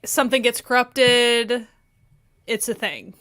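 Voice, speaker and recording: A woman's voice: a little high, steady tone, takes it slowly, fairly bright tone. A woman co-hosting a casual chat, chuckling often as she talks. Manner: laughs often while talking. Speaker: podcast co-host.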